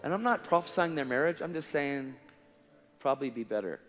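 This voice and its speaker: A man preaching a testimony in an animated, casual way, full of slang and acted-out dialogue. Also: medium pitch, brisk. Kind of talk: sermon testimony storytelling. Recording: long hall reverb, faint music.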